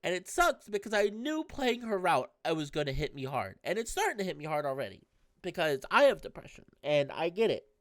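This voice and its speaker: A woman commenting candidly on a story game, talking in a halting, emotional way with many restarts. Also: on the low side, big pitch swings, no room sound, studio quality. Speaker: gamer playing a visual novel.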